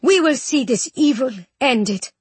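A woman's voice: sits high, moderate pace, darkish tone, slightly rough, no room sound, voice pushed up. A woman voicing a determined married lady with an earnest, slightly raised tone.

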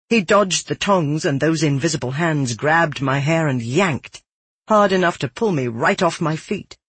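Breathy narrator reading a fantasy story, dry close sound, steady and earnest. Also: medium pitch, no echo. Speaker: audiobook narrator. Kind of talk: first-person fantasy narration.

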